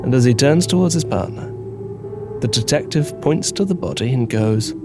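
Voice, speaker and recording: A man's voice: medium pitch, animated, moderate pace, natural voice. A man, playing an agent who tells a long, rambling, playful story in an audio drama. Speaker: agent leaving a voicemail. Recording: music playing behind, crickets.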